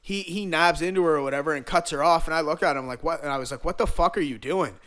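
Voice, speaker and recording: A man's voice: on the high side, quick pace, a bit bright, smooth. A man from Canada telling a long road-trip story in a casual podcast chat, rambling and profane, heavy on slang.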